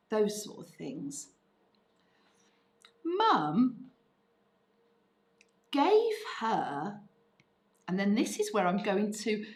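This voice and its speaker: Lively teacher woman in an echoey room. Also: medium pitch. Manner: lively, voices quoted parents' phrases. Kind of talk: writing lesson, thinking aloud.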